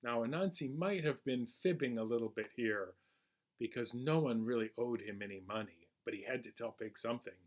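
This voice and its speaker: A man reading a folk tale aloud at a children's storytime, animated and asking listeners questions. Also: medium pitch, normal speed.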